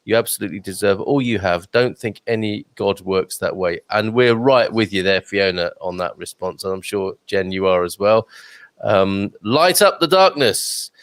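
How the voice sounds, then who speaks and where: A man's voice: on the low side, moderate pace, a bit bright, no room sound. A male host chatting casually on a live show, upbeat, with lots of fillers and restarts as he reads out viewer comments. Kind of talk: casual live-stream chat.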